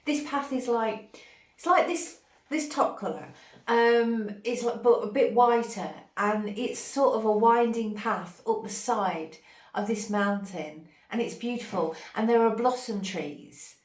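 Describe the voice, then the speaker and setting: A woman hosting a spiritual channel, giving an intuitive channeled reading in a dreamy, gushing way, pausing as if to receive words. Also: fairly high pitch. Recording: roomy echo.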